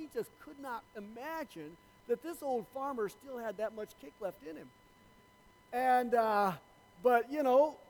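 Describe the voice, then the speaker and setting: A pastor with a fairly high voice preaches in a church. He talks in a loose, conversational way and leans on fillers as he tells his story. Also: long reverb tail, slight background noise, poor audio. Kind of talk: sermon with an opening joke.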